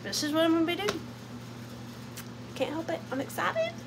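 Young woman, vintage seller, bubbly and playful, high and swooping. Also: very animated, moderate pace, slight background noise. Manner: bubbly and playful, talks to her items. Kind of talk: casual live sale chat.

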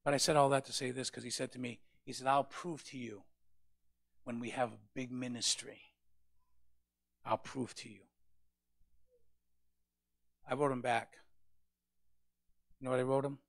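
A male pastor preaching a sermon, with passionate rises to loud peaks. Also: medium pitch, level tone, moderate pace, gravelly, pauses often, dry recording, studio quality.

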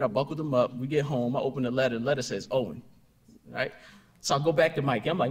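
A man's voice: mid-range voice, expressive, quick pace, breathy edge. A man giving a conference keynote, conversational, peppering his points with "right?" and rhetorical questions. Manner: conversational, tags "right?" and "you know" constantly; storytelling with punchy asides and rhetorical questions. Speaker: keynote speaker. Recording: hall reverb.

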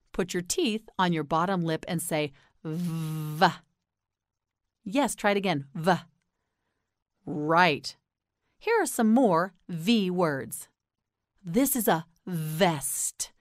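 Very slow, carefully enunciating American woman. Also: on the low side, no echo, clean studio sound. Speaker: English pronunciation teacher. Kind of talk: slow repeat-after-me pronunciation drill.

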